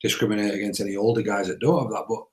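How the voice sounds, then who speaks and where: A man's voice: lowish voice, fairly even intonation, rapid-fire, poor audio. A man hosting a podcast, talking in an emphatic, persuasive way. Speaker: podcast host. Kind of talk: conversational podcast talk.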